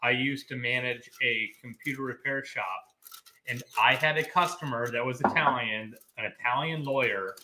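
A man's voice: mid-range voice, normal speed, sharp tone, reverberant, slight background noise. A man hosting a casual cooking stream, telling a long-winded, rambling story from his home kitchen. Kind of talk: casual chat while cooking.

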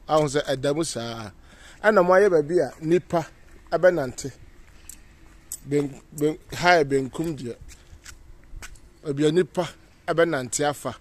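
A Ghanaian man giving a casual outdoor walking tour as a vlogger, pointing things out as he walks. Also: fairly high pitch. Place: outdoors on city streets.

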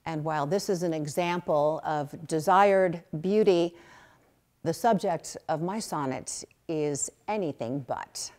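A woman presenting her upcoming sonnet performance for a museum program, her voice a little low. She speaks slowly and clearly, each phrase measured. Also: darkish tone. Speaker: performer introducing her piece.

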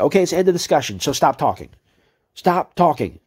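A man's voice: fairly high pitch, sing-song, normal speed, slightly rough. A man ranting in a commentary video, exasperated and sarcastic and swearing freely as he picks apart a chat exchange.

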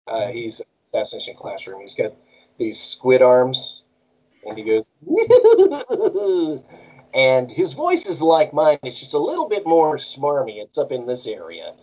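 A man's voice: mid-range voice, normal speed, slightly rough, highs cut off. A man who voices cartoons, chatting casually as an interview guest and jumping between bits of character voices. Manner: animated, jumps into character voices. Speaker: voice actor guest.

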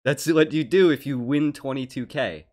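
Excitable man hosting a reaction show. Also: medium pitch, moderate pace. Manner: excitable, laughs and shouts along. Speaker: host reacting to a stream. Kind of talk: live reaction commentary.

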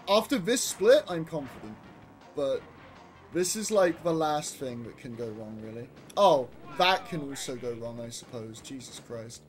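A young man narrates his own speedrun as it happens, jittery and profane. His voice sits high and swings widely, with soft music faint behind him. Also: big pitch swings, measured pace. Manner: nervous, profane, talks to himself. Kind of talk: live commentary over his own gameplay.

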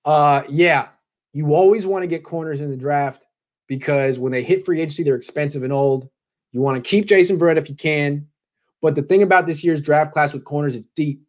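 A man's voice: fairly high pitch, brisk. A man hosting a casual sports talk show, giving blunt opinions with a mocking, joking edge. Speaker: sports commentator.

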